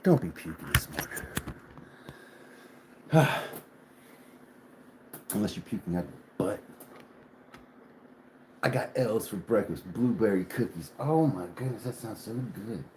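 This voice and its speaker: A man's voice: lively intonation, unhurried, pauses often, noisy background. A man vlogging casually outdoors on a cattle farm, talking in a playful, slangy, teasing way. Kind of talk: casual vlog chat. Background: cattle lowing nearby.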